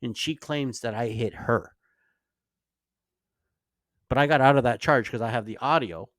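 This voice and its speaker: A man's voice: mid-range voice, a little slow, fairly bright tone, dry recording, studio quality. A man who is a podcast guest, telling his side of a story in casual conversation, earnest and indignant, with some swearing. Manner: earnest, indignant retelling with profanity.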